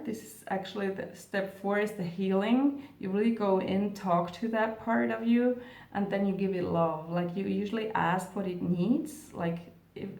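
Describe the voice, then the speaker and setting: A woman's voice: medium pitch, a little mellow, echoey room, recorded from a distance. A woman coaching viewers through steps in a casual talk to camera. She is chatty, corrects herself as she goes, and acts out the reactions she quotes. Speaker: spiritual coach.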